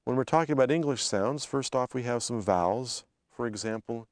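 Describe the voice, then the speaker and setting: A man teaching English vowel sounds, reading example words aloud one by one with deliberate, careful enunciation. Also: medium pitch, dry recording. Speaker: language instructor. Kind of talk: instructional reading of word lists.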